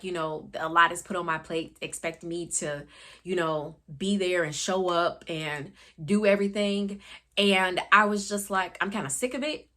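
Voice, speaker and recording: A woman's voice: medium pitch, pushed and bright. A young woman talking through a book review in a candid, chatty way, full of fillers and asides. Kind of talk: casual book review talk.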